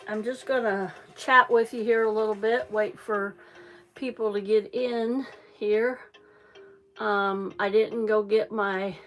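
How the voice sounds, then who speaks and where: Slow, chatty woman livestreaming from home. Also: mid-range voice, fairly bright tone. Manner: rambling, chatty, many ums and restarts. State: slightly out of breath. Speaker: livestream crafter. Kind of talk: casual livestream chat. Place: small trailer home.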